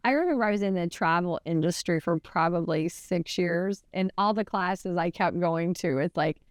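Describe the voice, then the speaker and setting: Chatty woman with a smooth, dry voice. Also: normal speed, dry recording. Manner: animated retelling, voice rising high when quoting; chatty, many restarts and "like" fillers. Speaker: podcast co-host. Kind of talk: casual storytelling chat.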